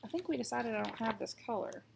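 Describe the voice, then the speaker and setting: A woman's voice: on the high side, expressive, fast, vocal fry, a little mellow, slight background noise. A woman in her thirties, raised in Texas, chatting in a rambling, self-deprecating way while she stitches. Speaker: stitching vlogger. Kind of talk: casual chat while stitching.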